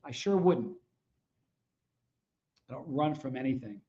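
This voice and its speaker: A man hosts his own livestream, speaking casually and bluntly to viewers in a fired-up, confrontational way. His mid-range voice is warm, expressive and unhurried. The lo-fi recording sounds dull, with a little hiss or hum.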